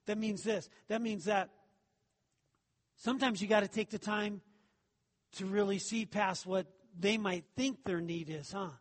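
A man's voice: high voice, steady tone, a little slow, pauses often, in a large hall. A man preaching a sermon as pastor, talking it through with the congregation and asking rhetorical questions.

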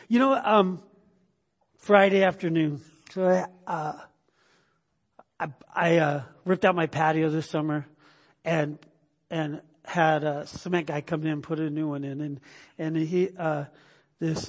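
A middle-aged male pastor preaching a conversational sermon, full of restarts and sudden bursts of emphasis. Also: high voice. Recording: long hall reverb.

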